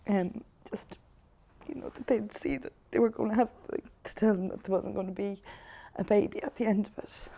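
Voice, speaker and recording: Woman, low gravelly dark voice, stops and starts. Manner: halting, faltering speech. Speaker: interviewee. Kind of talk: documentary interview.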